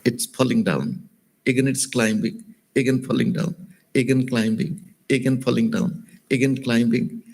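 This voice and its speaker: A man with an Indian accent, a spiritual teacher giving a sermon, telling stories gently and repeating lines, asking listeners direct questions. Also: mid-range voice, normal speed, creaky. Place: lecture hall.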